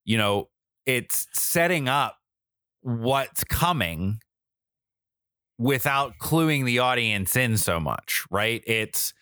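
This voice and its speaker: A man co-hosting a podcast in casual chat, explaining things in a relaxed, conversational way. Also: medium pitch, takes it slowly, clear, resonant tone, dry recording, studio quality. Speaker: podcast co-host.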